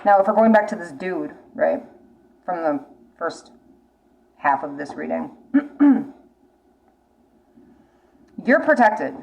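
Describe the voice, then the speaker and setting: A woman's voice: on the low side, expressive, takes it slowly, gravelly, pauses often, a little mellow, poor audio. A woman giving a tarot reading to a viewer, talking bluntly and urgently, swearing often and repeating her warnings. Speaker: tarot reader. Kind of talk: casual spoken tarot reading.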